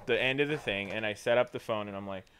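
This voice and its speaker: A man's voice: fairly low pitch, fast talker, noisy background. A young man in casual chat, telling work stories with frequent laughs. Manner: storytelling, laughs often, does voices.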